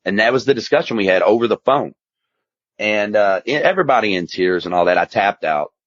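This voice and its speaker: Here a guest, an addiction specialist and author, recounts his story with candor, rambling and emphatic, in a casual storytelling interview. His fairly low voice is animated and a little fast. The slightly muffled, dry recording has no room sound.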